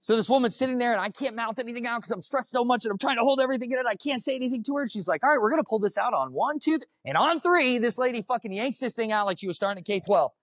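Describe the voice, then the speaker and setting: A man's voice: very high-pitched, very fast, hardly any pauses, a bit bright, no room sound, clean studio sound. A young man, a firefighter, telling a raw, profane story to a room of strangers at a summit. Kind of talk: storytelling talk to a live audience. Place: conference room.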